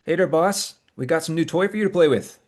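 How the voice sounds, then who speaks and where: A man's voice: a little high, fairly quick, voice pushed up, close to an everyday voice. A man voicing a brash, easygoing male shark-man soldier who calls everyone bud. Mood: cocky. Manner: breezy, calls people bud.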